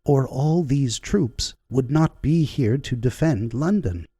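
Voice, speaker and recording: Man reading emotional woman dreamer, husky, slow, pleading. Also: medium pitch, dark tone, dry recording, clean studio sound, voice pushed up. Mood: anguished. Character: woman dreamer, earnest and anguished.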